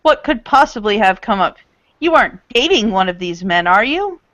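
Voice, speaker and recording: A woman's voice: medium pitch, sing-song, moderate pace, fairly bright tone, no room sound. A woman voicing a stern, bossy middle-aged mother who scolds her grown daughter. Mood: scolding.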